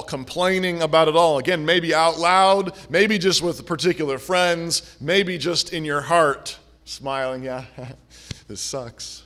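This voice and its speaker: Earnest preacher guy, slightly high voice, repeats himself, goes loud then hushed. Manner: earnest, repetitive phrasing, swings from forceful to hushed. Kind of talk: sermon.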